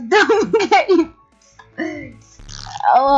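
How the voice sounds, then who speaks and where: A woman's voice: fairly high pitch, takes it slowly, long pauses. A woman casually commenting on her gameplay, giggling a lot and breaking into playful squeals. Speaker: gamer. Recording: dull lo-fi audio with faint game music.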